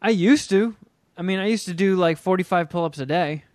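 A man's voice: high voice, brisk, no echo, studio quality. A man chatting casually as a podcast co-host, crude and rambling, restarting often. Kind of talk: casual chat.

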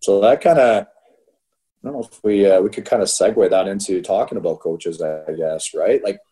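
A former hockey player chatting casually on a podcast, his voice low and mellow. He tells stories with animation and acts out other people's lines. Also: normal speed, low-quality recording. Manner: animated storyteller, laughs often, acts out quotes. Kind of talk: casual chat.

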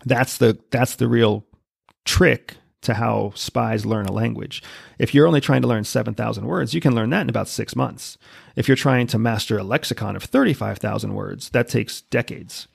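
A man's voice: medium pitch, moderate pace, gravelly, slightly rough, no echo, studio quality. A man who is a podcast guest, explaining things confidently in casual interview talk. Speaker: podcast guest, former spy.

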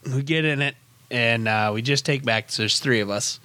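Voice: mid-range voice, moderate pace, bright, forceful tone, no room sound. A co-host telling a rambling story in casual podcast chat and laughing often.

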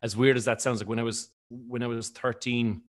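Fast-talking Irish man, mild Limerick accent. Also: mid-range voice, flat delivery. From Ireland, County Limerick. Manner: rambling, quick, self-correcting. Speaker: radio presenter and stage co-host. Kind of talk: casual interview answers.

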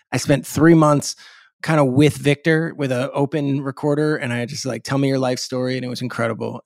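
A man, a sports reporter, telling stories as a podcast guest, animated and eager, often restarting his sentences. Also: medium pitch, gravelly, no echo, studio quality. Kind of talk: casual storytelling interview.

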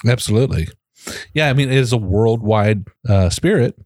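A man's voice: fairly low pitch, expressive, moderate pace, a little mellow, no room sound, studio quality. A man co-hosting a podcast in an easygoing, conversational way. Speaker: podcast co-host. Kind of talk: casual chat.

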